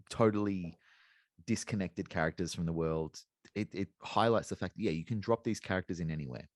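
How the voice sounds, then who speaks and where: Podcast guy with a really deep voice, rambly chat, dead dry sound. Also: no room sound. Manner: rambling, thinks aloud. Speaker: podcast co-host. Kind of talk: casual chat.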